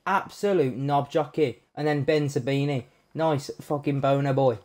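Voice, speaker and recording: Sweary excitable streamer lad. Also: male voice, a little high, normal speed. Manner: excitable, sweary, loud outbursts at good pulls. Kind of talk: live-streamed pack opening commentary.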